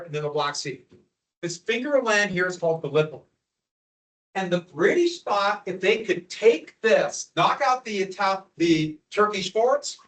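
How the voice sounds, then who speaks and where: Guy with a high voice teaching history, chatty lecture, throws questions at the class. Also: poor audio. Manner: conversational, asides and rhetorical questions to students. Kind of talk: classroom lecture over slides.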